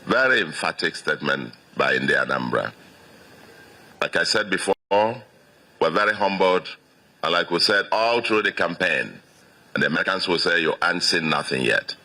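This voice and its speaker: A Nigerian man in his sixties delivers a victory speech as state governor, stressing his points by repeating them. His voice sits extremely low, yet it has a sharp, forceful brightness on top. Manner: emphatic, repeats phrases for stress.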